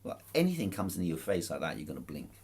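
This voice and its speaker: A man's voice: low voice, huge pitch swings, fast, darkish tone, slightly rough. A man casually recounting events to camera, amused and chuckling, with frequent restarts and false starts. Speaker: protester recounting a court case. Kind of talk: casual spoken account to camera.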